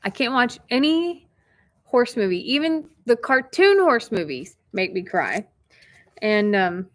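A woman hosting a casual vlog, opening mail from viewers and talking warmly and emotionally, close to tears at times. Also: fairly high pitch, big pitch swings, a little slow. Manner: chatty and emotional, near tears.

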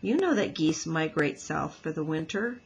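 A gentle robot mother, read by a woman, speaking in even, formal, measured sentences. The voice sits low and very husky-breathy, steady and literal in a storybook reading. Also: exaggerated voice. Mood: calm.

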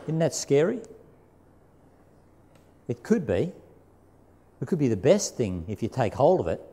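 A man's voice: mid-range voice, big pitch swings, measured pace, mellow, husky. A man pastor giving a sermon in church, talking in a conversational way, reading scripture aloud with emphasis and repeating key phrases. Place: church sanctuary.

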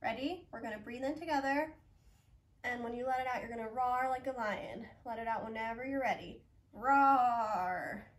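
A young woman, a library yoga instructor, gently coaxing children through a breathing lesson. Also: fairly high pitch, far from the mic. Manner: encouraging, coaxing, talks slowly to children. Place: library room, indoors.

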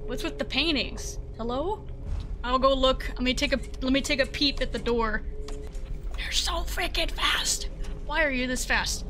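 A woman's voice: sits high, measured pace, over music. A young woman giving let's-play commentary on a horror game, muttering to the game and breaking into frightened shrieks. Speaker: gaming video creator.

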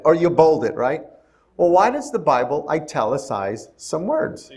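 Man teaching a bible sermon. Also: a little high. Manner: conversational, asks the congregation questions. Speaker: pastor. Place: church sanctuary.

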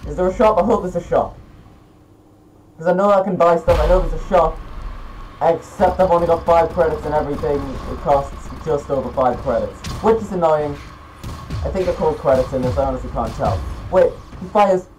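A teenage boy giving gameplay commentary, excitable and quick to swear and yell at the game. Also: on the high side, slight background noise, rough recording. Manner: excitable, swearing, yelling outbursts. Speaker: gaming YouTuber.

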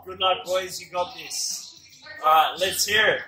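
An Australian man hosting a chilli challenge, talking loud and cheering his mates on with whoops. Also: high-pitched, unhurried. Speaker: host of a chilli review channel. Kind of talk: casual hype chat during a chilli challenge. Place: indoor onsite workplace. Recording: roomy sound from a distance.

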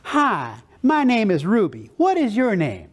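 Brief: friendly, folksy drive-thru lady with a light, high voice, as a male speaker quotes her. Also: wildly swooping pitch, a little slow, heavily acted. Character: kind cheerful woman drive-thru worker.

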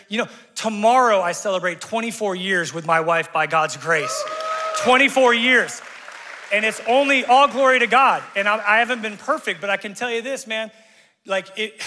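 A man in his forties delivers an energetic sermon from the pulpit, talking directly to his congregation. His voice is bright and forceful, a little higher than most men's. The sound carries a long church-hall reverb. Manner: animated, conversational preaching with asides to the congregation. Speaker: pastor. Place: church sanctuary.

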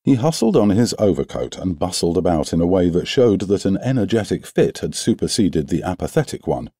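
A man narrating an audiobook in a measured, storytelling way, close to a studio microphone. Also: sits low, big pitch swings, mellow, slightly rough, no echo.

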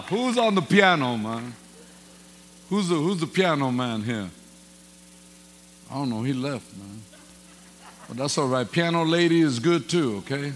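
A man preaching an informal sermon in a church, folksy and joking, with casual grammar and humorous stories. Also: mid-range voice. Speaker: guest pastor. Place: church hall. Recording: long hall reverb with faint mains hum.

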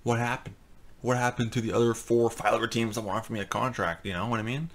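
A man hosting a gaming channel, talking casually and ranting in frustration, swearing often and filling pauses with "um" and "like.". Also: mid-range voice, steady tone, fairly bright tone. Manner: frustrated, profane ranting with fillers. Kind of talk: casual commentary.

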